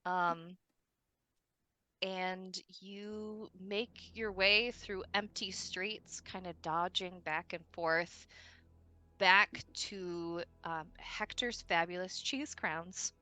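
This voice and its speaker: A woman narrating a tabletop game as dungeon master, relaxed and full of fillers. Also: lowish voice, very slow.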